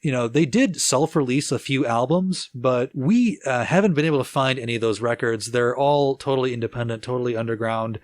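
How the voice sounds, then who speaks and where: A man co-hosting a casual music-history podcast, relaxed and chatty with easy laughter and plenty of fillers. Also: medium pitch, brisk, few pauses, dry recording. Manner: relaxed storyteller, laughs easily, lots of filler "like". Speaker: podcast co-host.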